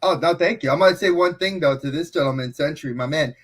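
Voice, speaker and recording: A man from New York with a New York accent, hosting a casual podcast chat as a gregarious, animated storyteller. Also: a little high, fast talker. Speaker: podcast host.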